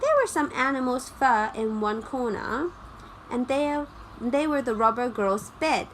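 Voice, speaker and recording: A woman narrating a graded-reader story in a slow, careful, clear way. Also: on the high side, a bit bright, slight background noise, poor audio.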